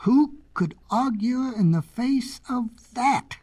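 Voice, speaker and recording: A woman narrating storybook fables in a playful, expressive way. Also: a little high, slow, husky.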